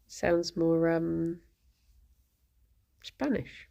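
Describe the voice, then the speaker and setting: Slow, gravelly woman streamer. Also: sits low, expressive, warm tone. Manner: rambling and chatty, often laughing, coos at her pet. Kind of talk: casual chat to a live stream. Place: home.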